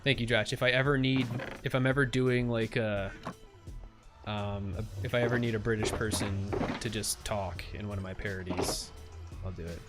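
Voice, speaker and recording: A man's voice: lowish voice, fairly even intonation, moderate pace, over music. A young man chatting casually on a livestream while he plays, throwing in goofy made-up sound words. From USA. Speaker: streamer.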